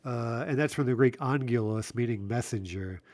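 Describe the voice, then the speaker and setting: A man's voice: medium pitch, a little mellow. Chatty male teacher explaining a poem. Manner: conversational, many fillers and restarts, slows down to recite verse. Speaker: Russian literature teacher. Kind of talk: explanatory lesson with poetry reading.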